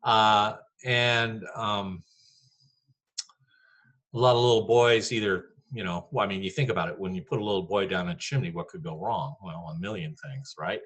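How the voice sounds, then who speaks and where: Male teacher, lower voice, a bit husky, chatty and rambling poetry lecture. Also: fairly even intonation, moderate pace, fairly bright tone. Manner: chatty, rambling, many fillers.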